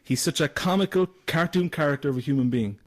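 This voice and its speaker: A man's voice: fairly high pitch, fast. A man with an Irish accent hosting a casual internet radio show, giggly and swearing freely. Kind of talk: casual chat.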